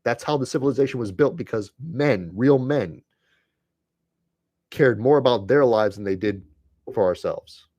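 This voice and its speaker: At a normal speed broken by long pauses, a man speaks in a mid-range, slightly mellow voice with no echo. He's hosting a live stream and preaching earnestly to his viewers, blunt and direct, with repeated phrases for emphasis.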